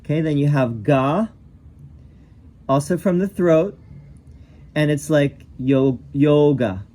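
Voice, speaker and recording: Slow-paced man teaching pronunciation. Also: fairly high pitch, mellow. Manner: patient, self-correcting, demonstrates sounds aloud. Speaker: yoga teacher. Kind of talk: explaining pronunciation step by step.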